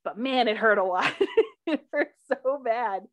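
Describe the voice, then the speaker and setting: A young woman hosting a podcast, casually telling a personal story with lots of laughter and loudly acted-out quotes. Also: on the high side, a little slow. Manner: animated, laughs often, acts out quotes loudly. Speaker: podcast host.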